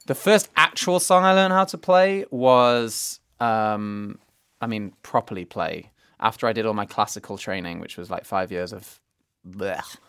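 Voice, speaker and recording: A man's voice: fairly low pitch, clear, resonant tone, no room sound. A young man with an English accent, a musical theatre performer telling stories in a casual interview. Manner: animated storyteller, quick bursts of laughter. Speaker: musical theatre actor and pianist.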